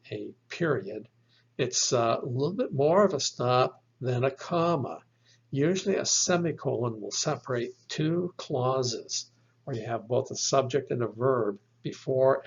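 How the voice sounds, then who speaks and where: A man walks through a slide lesson at an unhurried pace, patient and a little halting with his fillers. His voice is gravelly and husky. The recording sounds dull and lo-fi. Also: medium pitch. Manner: slow, patient explaining with fillers. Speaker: Bible language teacher. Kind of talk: slide lecture.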